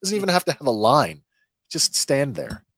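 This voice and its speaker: A man's voice: medium pitch, wildly swooping pitch, moderate pace, a bit bright, breathy edge, no echo, studio quality. A man co-hosting a fan podcast in casual chat, chatty and often trailing off mid-thought. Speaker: podcast co-host.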